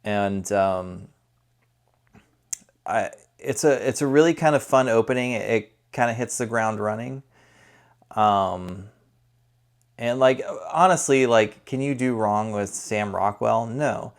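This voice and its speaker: A man's voice: lowish voice, slow, pauses often. A man giving a casual spoken movie review, conversational and rambling, often correcting himself as he goes. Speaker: film reviewer.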